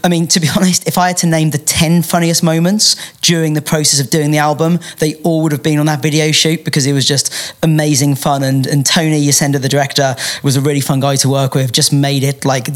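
A man's voice: fairly high pitch, a bit bright. Laughing man telling stories. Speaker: host and music artist. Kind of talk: casual podcast chat.

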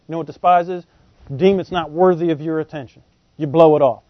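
A man preaches with a high, lively voice, swinging from quiet asides to loud bursts as he acts out the people in his stories. The recording is close and dry, with a dull, lo-fi podcast sound. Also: quick pace, no echo. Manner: animated, folksy, acts out voices in quotes. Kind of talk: sermon.

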